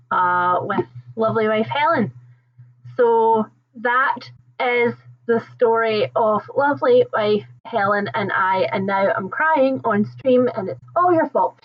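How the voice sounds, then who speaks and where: Young female stream host, casual and rambling, quick to laugh; slightly muffled audio. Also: medium pitch. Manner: chatty, rambling, laughs often. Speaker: livestream host. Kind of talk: casual live chat with viewers.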